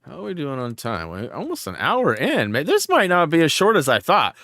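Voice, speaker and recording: A man hosting a gaming live stream, chatting casually and telling rambling, animated stories while he plays. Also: a little high, a little fast, no echo, clean studio sound. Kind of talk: live-stream gameplay chat.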